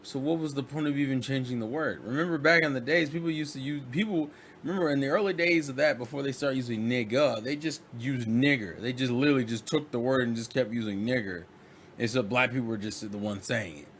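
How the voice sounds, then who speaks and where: A man vlogging in a casual monologue, rambling and animated, often restarting and acting out quotes. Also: mid-range voice, fairly quick, slight background noise.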